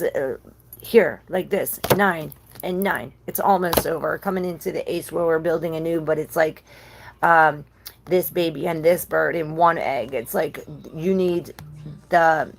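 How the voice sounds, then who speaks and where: A woman's voice: deep voice, unhurried, creaky, a little hiss or hum. A woman giving a live-streamed tarot reading, rambling and chatting with viewers between cards. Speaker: tarot reader.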